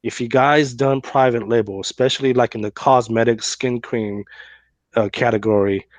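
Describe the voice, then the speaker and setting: A man's voice: medium pitch, steady tone, normal speed, no echo. A man hosting a podcast, telling a story in a loose, casual way with many fillers and "right?" tags. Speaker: podcast host.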